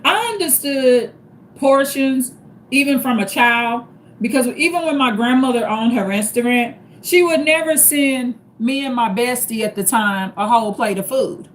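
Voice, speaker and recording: A woman's voice: fairly high pitch, normal speed, a little hiss or hum. A woman hosting a live stream, giving casual advice in a repetitive, emphatic way that spells each point out step by step. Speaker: livestream host.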